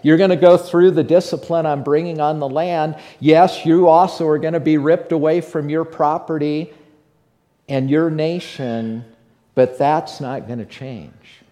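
A pastor delivers a sermon with earnest conviction that builds into fervent emphasis. His voice sits a little high for a man. The tone is mellow and warm. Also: steady tone, normal speed.

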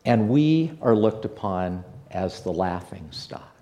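A man's voice: deep voice, lively intonation, slow pace, mellow. A man preaching a sermon to his congregation, earnest and rising to fervent emphasis. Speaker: pastor.

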